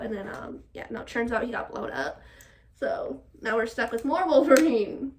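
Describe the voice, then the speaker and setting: An animated young woman with a high voice rants casually at home while doing her hair. She swears often, laughs, and breaks into exasperated outbursts. Her voice sits a little away from the mic. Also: normal speed, distant mic, a little hiss or hum. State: still a bit sick. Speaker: vlogger.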